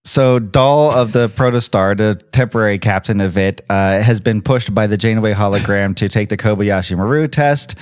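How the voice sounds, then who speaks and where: A man's voice: fairly low pitch, normal speed, few pauses, no room sound. A man co-hosting a podcast, chatting casually and recapping episodes in a loose, joking way. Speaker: podcast co-host. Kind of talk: casual chat.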